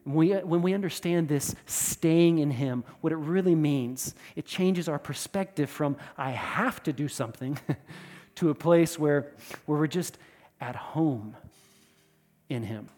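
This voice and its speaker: A man preaching a sermon with emphatic delivery, repeating words and swinging between loud and soft. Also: fairly high pitch, unhurried, long reverb tail. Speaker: pastor.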